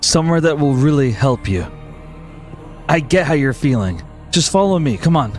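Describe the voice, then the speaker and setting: A man voicing a calm, sympathetic man who coaxes an angry friend to follow him. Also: a little high, normal speed, soft background music. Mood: coaxing. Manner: soft, coaxing.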